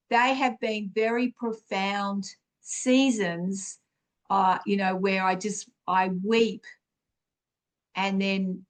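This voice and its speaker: A woman's voice: medium pitch, fairly bright tone. A woman hosting a podcast, giving an earnest, encouraging spiritual teaching talk, full of fillers and restarts. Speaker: podcast host.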